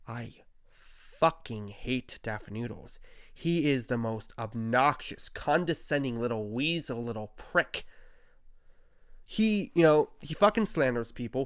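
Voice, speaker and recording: A young man delivers an angry commentary rant, swearing freely and mocking his targets with heat. His voice sits a little high for a man. The sound is dry and close, with no room around it. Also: clear, resonant tone, dry recording. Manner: profane, heated, mocking. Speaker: commentary YouTuber.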